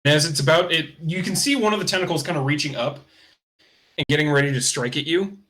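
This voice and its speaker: A man's voice: on the high side, fast talker, a bit bright. A man narrating a tabletop game as game master, in a casual, loose style with fillers like "kinda" and "uh".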